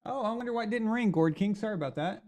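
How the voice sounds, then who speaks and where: A man's voice: sits high, animated, very fast, darkish tone. A man hosting a live sports reaction stream, talking casually and animatedly. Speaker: sports show host.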